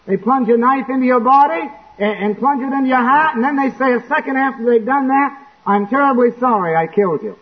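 A man preaching a sermon in church, acting out quotes and breaking into sudden shouts. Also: very high-pitched, fairly quick, few pauses. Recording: tinny lo-fi phone-like recording.

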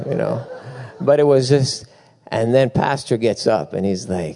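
A middle-aged man preaching a sermon, telling lively stories with asides and bursts of laughter. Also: medium pitch, normal speed, vocal fry. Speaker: pastor.

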